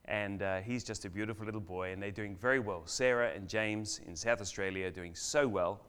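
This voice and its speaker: An older man preaching a sermon as a guest speaker in a church, telling a story with dramatic pauses and swings between loud and hushed delivery. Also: lowish voice, clean tone.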